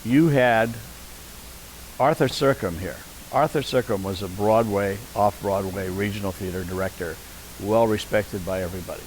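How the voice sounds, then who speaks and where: A man's voice: fairly low pitch, normal speed, slight background noise, rough recording. An older man, an interview guest and veteran community theater actor, reminiscing in conversation and perking up when he quotes people. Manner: anecdotal, animated when quoting people.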